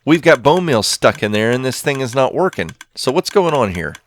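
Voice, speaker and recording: A man's voice: mid-range voice, very animated, moderate pace, slight background noise. A man giving casual, rambling commentary over his own game, thinking aloud as he plays. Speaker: Minecraft let's play host.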